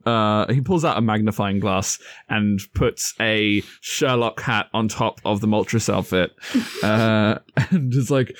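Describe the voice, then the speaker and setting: A man's voice: fairly low pitch, slow pace, no room sound, clean studio sound. A man playing a tabletop role-playing game, thinking aloud hesitantly. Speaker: player.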